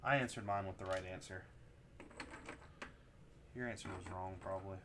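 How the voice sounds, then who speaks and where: A man co-hosting a casual building live stream, reading viewer comments aloud and bantering in a relaxed way. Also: deep voice, moderate pace, noisy background.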